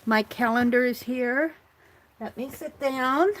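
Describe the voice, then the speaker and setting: Her voice is high-pitched, slow and a bit bright, with a little hiss or hum in the recording. She's hosting a relaxed morning art livestream, chatting away to herself and her audience as she crafts at her table.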